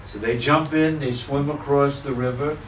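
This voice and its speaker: A man's voice: medium pitch, fairly even intonation, moderate pace, a little hiss or hum. A man who teaches spirituality, telling a parable with playful humor to a small audience. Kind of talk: storytelling talk to a small audience. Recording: roomy echo, distant mic.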